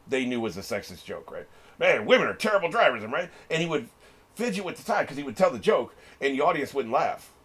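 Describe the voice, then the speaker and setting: A man's voice: medium pitch, fairly bright tone, husky. A middle-aged man hosting a reaction video, chatting casually as he watches, swearing freely and laughing often. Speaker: reaction channel host.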